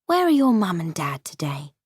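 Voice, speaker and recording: A woman reading as a gentle farm wife. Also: on the low side, sing-song, moderate pace, slightly rough, no echo.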